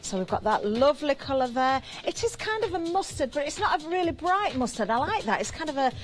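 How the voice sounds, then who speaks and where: A British woman presenting on a live TV shopping channel, chatty and giggly as she banters with the crew, her voice slightly hoarse. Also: sits high, sing-song, brisk. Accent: British English. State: slightly hoarse, throat catching.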